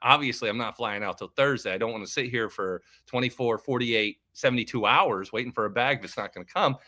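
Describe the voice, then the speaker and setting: A man who hosts a finance video channel, telling a story in a casual, animated way and acting out both sides of each conversation. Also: medium pitch, fairly quick.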